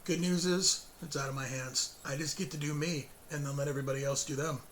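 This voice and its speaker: A hoarse man hosting his own show, giving a casual, rambling spoken update with fillers, self-corrections and chuckles between sentences. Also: on the high side, steady tone, fairly quick, fairly bright tone, a little hiss or hum.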